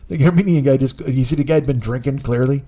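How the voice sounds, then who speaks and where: This is a man in his forties, a comedian and podcast host, delivering a rambling, profane comic tale. His mid-range voice is warm, and he moves at a quick pace.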